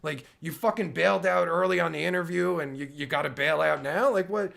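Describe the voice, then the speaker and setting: Gravelly high-voiced man ranting. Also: brisk, a bit bright. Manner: exasperated, stammering, sarcastic. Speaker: podcast host reacting to a clip. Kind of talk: profane livestream rant.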